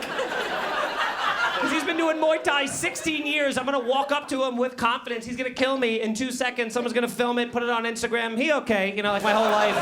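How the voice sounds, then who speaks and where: A man with an extremely high-pitched voice does stand-up over heavy background noise, his small-club audience laughing. His act is brash and profane, full of crowd banter and animated, acted-out asides.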